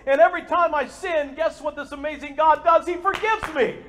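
A man preaching a sermon as pastor to a live congregation, energetic and joking, and speaking straight to the people in front of him. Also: very high voice, brisk, in a large hall. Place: church sanctuary with a live congregation.

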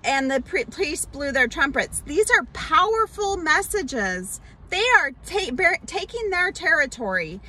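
A woman pastor telling a Bible story in a children's sermon, explaining slowly with many fillers and restarts. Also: high voice, sing-song, pushed and bright, slight background noise, poor audio.

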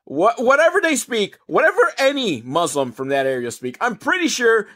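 A man recapping a movie in a casual, comedic way. He rambles with sarcasm and the odd curse word. His voice sits a little high and swings widely in pitch. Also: huge pitch swings, normal speed, a bit bright. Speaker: movie reviewer.

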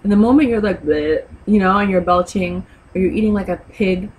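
A woman's voice: medium pitch, steady tone, brisk, darkish tone, a little hiss or hum, low-quality recording. A woman giving etiquette advice in a casual vlog, talking in a blunt, sassy, lecturing way. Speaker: vlogger.

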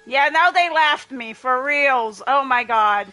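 A woman streaming a horror game live, yelling and swearing at her teammates and chatting with viewers. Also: high voice, slow pace. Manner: excitable, swears and yells at other players; talks to chat between rounds. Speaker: gaming livestreamer. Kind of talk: live gameplay commentary.

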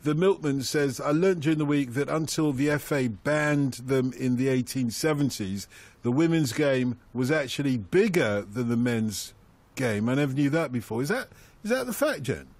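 A man's voice: mid-range voice, expressive, normal speed, darkish tone, no echo. A man hosting a radio football phone-in, reading out listeners' messages and laughing at his own puns.

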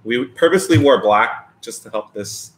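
A man's voice: mid-range voice, expressive, moderate pace. A man co-hosting a live eating stream, chatting casually and teasing his partner while greeting viewers by name indoors. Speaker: mukbang live-stream co-host. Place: indoors, lights dimmed behind.

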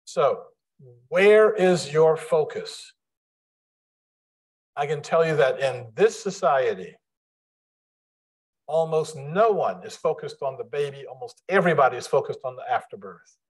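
A man giving a public lecture to a live audience in a room, speaking deliberately with frequent restarts. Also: mid-range voice, animated, breathy edge, rough recording. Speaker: guest lecturer.

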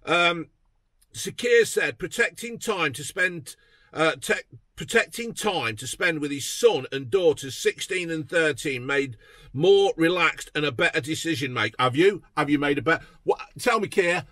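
Fuming bloke swearing his way through a political rant, sharp bright voice. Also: a little high, expressive, unhurried, no room sound. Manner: angry, sweary, mocking. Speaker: political vlogger. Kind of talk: profane ranting commentary.

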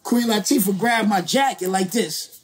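A male rapper as a guest, telling a story in a lively, slangy, profane way and acting out other people's lines. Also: sits high, normal speed, husky. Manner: slangy, profane, acts out quoted voices. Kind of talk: animated storytelling.

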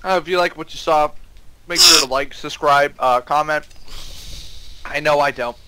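A man joining casual gameplay commentary with a friend, joking and teasing with a drawn-out delivery. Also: fairly high pitch, bright, forceful tone, slight background noise, poor audio. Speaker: gaming co-host.

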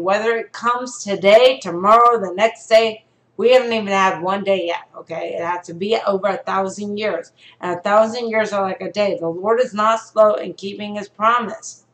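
A woman preaches a prophetic warning in an earnest, conversational way, checking in with her listeners as she goes. Her voice sits in a middle pitch. The room around her rings with a noticeable echo. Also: fairly bright tone. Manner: earnest, repeats "okay?" and "you know". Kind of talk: live-streamed prophetic message.

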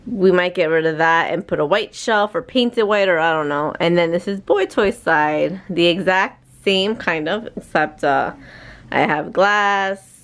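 A woman's voice: lowish voice, unhurried, fairly bright tone, a little hiss or hum. A young mother vlogging casually at home with a handheld camera. She chats, laughs often and slips into Spanish with her child. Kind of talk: casual family vlog. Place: home, indoors.

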